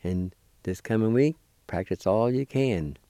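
A man giving a weekly language lesson, deliberately spelling out and pronouncing words syllable by syllable. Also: lowish voice, mellow, clean tone, no echo, clean studio sound. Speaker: language teacher.

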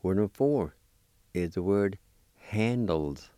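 A man teaching vocabulary, spelling and sounding out each word slowly and patiently, repeating it for learners. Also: low-pitched, animated, warm tone, clear, resonant tone, dry recording, clean studio sound. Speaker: language teacher. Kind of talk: slow spelling and pronunciation drill.

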